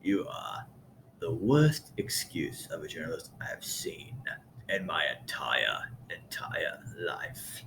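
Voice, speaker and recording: A man doing an impression of a big, deep-voiced male radio host, speaking slowly, quietly and half-whispered. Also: expressive, background noise. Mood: contemptuous. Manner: quiet menacing low delivery, slow and half-whispered.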